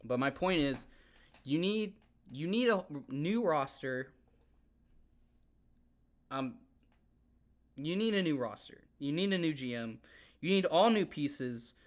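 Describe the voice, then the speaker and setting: A young man hosting a podcast, ranting heatedly about basketball in a casual, animated way and often repeating himself. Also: on the high side, slow, pauses often. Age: young adult. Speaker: podcast host. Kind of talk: casual sports rant.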